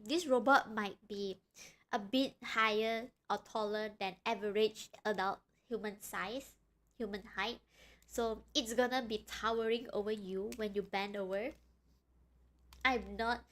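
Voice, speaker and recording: A young woman streaming live, chatting in an excitable, rambling way with frequent giggles. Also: fairly high pitch. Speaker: streamer reacting to a video. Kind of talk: casual live-stream chat.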